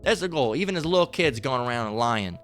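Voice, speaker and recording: A man's voice: medium pitch, animated, quick pace, fairly bright tone, faint music behind. A man preaching a heated, profane sermon, ranting, repeating himself and firing off rhetorical questions between scripture readings.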